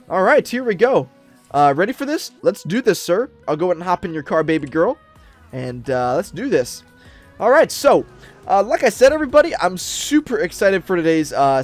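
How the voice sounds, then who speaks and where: A man's voice: high voice, very animated, moderate pace, faint music behind. A man narrating a roleplay game for viewers, upbeat and chatty, with many fillers. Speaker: Roblox roleplay YouTuber. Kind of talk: excited gameplay narration.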